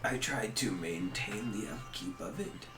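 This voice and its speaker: A man voicing a quiet, grieving old temple keeper who speaks haltingly, heard in a roomy room over loud music. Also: fairly low pitch, lively intonation. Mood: sorrowful. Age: older. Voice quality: soft, quiet and gravelly. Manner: halting, sorrowful speech. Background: loud ambient music.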